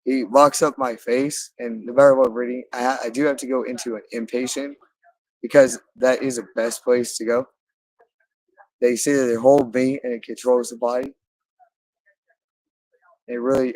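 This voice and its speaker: Guy rambling on and on, repeats himself a lot, mid-pitched voice, dry sound. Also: darkish tone, dry recording, low-quality recording. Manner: rambling, repeats phrases over and over; halting, with frequent restarts.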